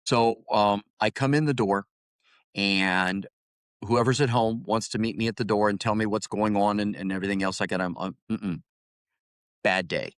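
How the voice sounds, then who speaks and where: A middle-aged man, a retired highway patrol officer, telling stories in a casual interview and often repeating words as he starts a thought. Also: moderate pace, clear, resonant tone, dry recording, studio quality. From Ohio, United States. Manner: storytelling, animated, repeats words when starting.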